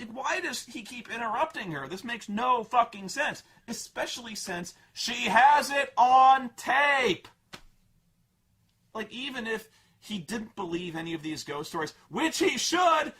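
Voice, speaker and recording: A man tears into a film in an animated, profane rant, sounding exasperated and incredulous. His voice is high and bright, with a sharp, forceful edge that drives the sarcasm. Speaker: film reviewer. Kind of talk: comedic rant about a movie.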